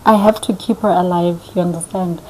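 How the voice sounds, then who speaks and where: A young woman vlogger telling a story casually, chatty and animated, acting out what people said. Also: fairly low pitch, brisk, a little hiss or hum, rough recording. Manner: animated, chatty, acts out quoted dialogue.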